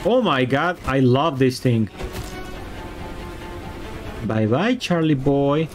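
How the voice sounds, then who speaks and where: A man streaming a game, excitable and swearing, yelling at the monster and switching between English and Spanish. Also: mid-range voice, slow pace, long pauses, over music. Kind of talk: live gameplay commentary.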